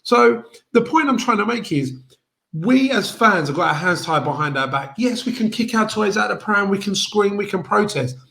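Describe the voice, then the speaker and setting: Man, high voice, very lively pitch, emphatic football debater. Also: normal speed, vocal fry. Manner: emphatic, argumentative, repeats points. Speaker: podcast co-host.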